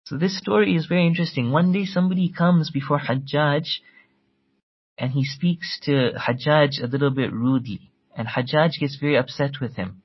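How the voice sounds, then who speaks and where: Fairly high-voiced man lecturing, lo-fi. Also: moderate pace, slightly rough. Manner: earnest storytelling, recites Arabic passages then translates; repeats words as he restarts phrases. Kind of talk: religious history lecture.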